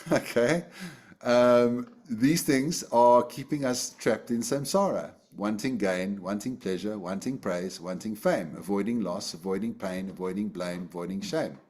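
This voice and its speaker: Man teaching a relaxed dharma class. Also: fairly low pitch, measured pace. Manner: relaxed, conversational, with many fillers and restarts. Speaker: Buddhist teacher. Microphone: video call.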